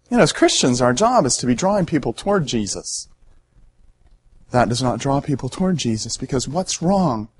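A male pastor giving an earnest sermon, emphatic at times and dropping soft and low for solemn points. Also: slightly rough.

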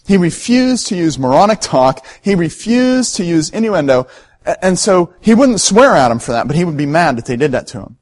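A man preaching a sermon in an earnest, emphatic way. His voice sits a little high for a man, and he drops soft and low for solemn points. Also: husky. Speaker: pastor.

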